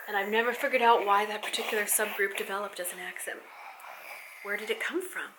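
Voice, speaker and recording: A woman's voice: a little high, fairly even intonation, quick pace, sharp tone, slight background noise. A woman vlogging from home as a mother, chatting casually and affectionately while folding laundry.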